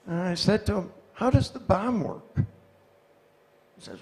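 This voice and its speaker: Gravelly man in a reverberant hall. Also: high voice, normal speed. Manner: animated storyteller, acts out quoted voices. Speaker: speaker answering audience questions. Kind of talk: lecture Q&A, anecdotal storytelling. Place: lecture hall. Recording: long reverb of a lecture hall.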